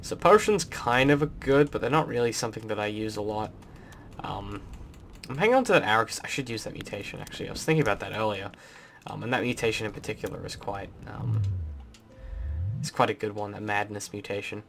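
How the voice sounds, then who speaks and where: A man's voice: on the low side, brisk, gravelly, slight background noise. Rambling Australian man narrating gameplay. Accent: Australian, mixed with British. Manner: rambling, relaxed, many ums. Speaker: let's play host. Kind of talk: casual gameplay commentary.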